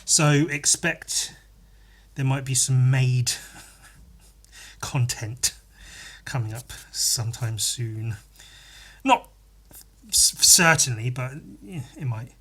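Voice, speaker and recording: A man's voice: mid-range voice, takes it slowly, long pauses, pushed and bright, breathy edge. A man hosting a podcast, rambling through a crude, mock-earnest comedy monologue with giggly asides. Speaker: podcast host.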